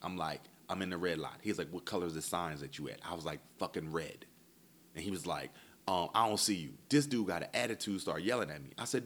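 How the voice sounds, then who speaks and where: A man with a very low voice telling a long travel mishap story in casual, profane chat, swinging between low muttering and loud exasperation. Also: fast.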